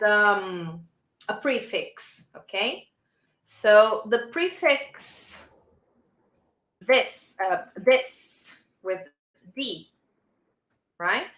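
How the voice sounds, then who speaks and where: A woman from Brazil with a Brazilian Portuguese accent, teaching a live online English lesson and warmly praising her learners. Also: mid-range voice, echoey room. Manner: encouraging, praising learners often.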